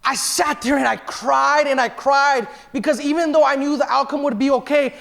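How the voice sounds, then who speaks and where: High, gravelly-voiced pastor in his thirties. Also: steady tone, moderate pace, hardly any pauses, fairly bright tone. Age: 30s. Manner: emotional, confessional, quotes himself and others. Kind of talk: sermon, personal testimony. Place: church.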